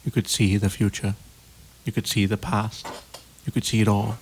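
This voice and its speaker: A man's voice: lowish voice, little pitch movement, normal speed, a little hiss or hum, poor audio. A man as a guest on a podcast, chatting casually in a laid-back way and laughing often. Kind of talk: casual chat.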